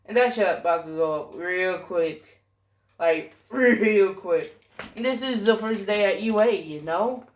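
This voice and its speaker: A rambling fan storyteller who drags through the story at an unhurried pace, full of fillers and swearing. The voice sits at an ordinary middle pitch, and the talk keeps doubling back to fix details. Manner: rambling, profane, self-correcting, many fillers.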